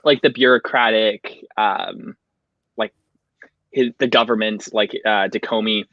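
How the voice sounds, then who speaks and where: A relaxed man hosts a book chat and steers the talk along. His audio is dull and muffled. It sounds dry and close. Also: lowish voice, measured pace, no echo. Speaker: host. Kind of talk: casual book discussion.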